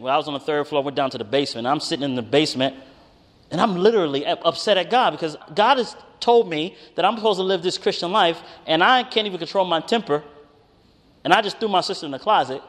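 A man preaching a conversational sermon, telling a personal story with animated, emphatic rises. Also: a little high, a little fast. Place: church hall with congregation. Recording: reverberant hall.

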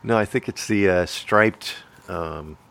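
A man's voice: low voice, slow, vocal fry, fairly bright tone. A man hosting a podcast in casual chat, wry and dryly humorous, prone to ranting. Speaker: podcast host.

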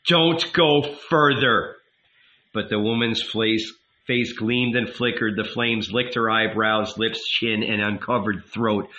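Slow bright male audiobook narrator. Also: lowish voice, little pitch movement, lo-fi sound. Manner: measured, unhurried. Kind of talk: audiobook reading.

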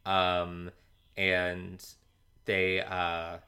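A man co-hosts a relaxed podcast chat and talks slowly, stopping often for ums and laughs. His voice sits a little low but has a bright edge. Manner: slow, hesitant, full of ums and laughs. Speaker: podcast co-host. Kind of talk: casual rewatch podcast chat.

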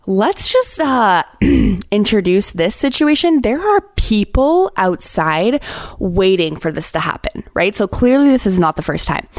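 A young adult woman with a slightly low voice tells a story on her podcast in loose, casual chat. She is animated and blunt and swears freely. The sound is dry and close, with no room to it. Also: dry recording. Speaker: podcast host.

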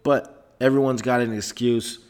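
This solo podcast monologue comes from a man with a steady, clean, slightly mellow mid-range voice who speaks a little slowly. He rambles, swears and gets sarcastic, recording on a laptop mic in a soundproofed room.

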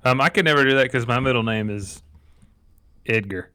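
A man's voice: medium pitch, a little fast, smooth. A middle-aged man co-hosting a podcast, telling stories in a casual, joking way. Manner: joking, animated storyteller. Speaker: podcast co-host. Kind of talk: casual chat.

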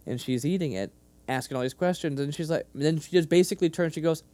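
A man's voice: fairly high pitch, fast, no echo. A man in his thirties co-hosting a podcast, recapping scenes in casual chat and acting out the characters' lines. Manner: animated, acts out quoted lines. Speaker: podcast co-host.

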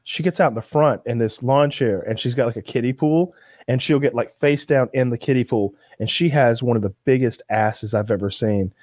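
A man's voice: mid-range voice, moderate pace, a little mellow, no echo, studio quality. Rambling, profane man on a video call. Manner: rambling, heavy on repeated filler words, profane. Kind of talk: crude comedic storytelling.

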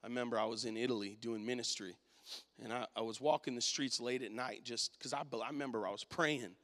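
Forceful preacher man in a reverberant hall. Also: medium pitch, fairly even intonation, fast. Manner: storytelling, swings from quiet to loud. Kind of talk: sermon with personal story.

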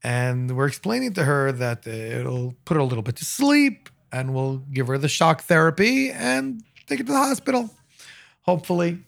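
A man, a paramedic, telling work stories in casual talk, animated and acting out what people said. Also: a little high, moderate pace, gravelly. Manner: animated storyteller, acts out quotes.

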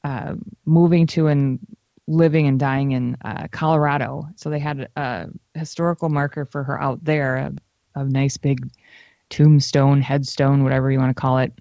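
A woman's voice: rumbling low, flat delivery, moderate pace, mellow, no room sound. A woman co-hosting a casual podcast, rambling with many restarts as she chats. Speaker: podcast co-host. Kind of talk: casual chat. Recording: dull lo-fi sound.

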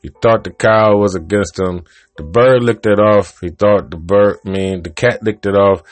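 Low-voiced man rambling through a joke. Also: moderate pace, no echo. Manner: rambling, profane, self-interrupting. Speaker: podcast host. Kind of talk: casual monologue, telling an old joke.

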